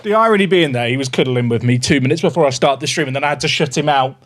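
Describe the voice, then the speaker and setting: A man's voice: mid-range voice, very fast, a bit bright. A man chatting casually to viewers on a livestream from his home office, upbeat and talkative.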